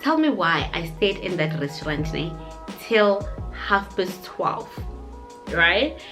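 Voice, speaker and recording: Chatty South African woman, low voice. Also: takes it slowly. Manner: animated, chatty storytelling. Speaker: YouTuber. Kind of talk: casual storytime. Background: faint background music.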